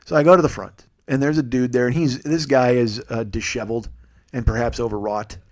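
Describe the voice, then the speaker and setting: A man in his forties, a comedian and podcast host, telling a story in an animated, profane, sarcastic way. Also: mid-range voice, a little fast. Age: 40s.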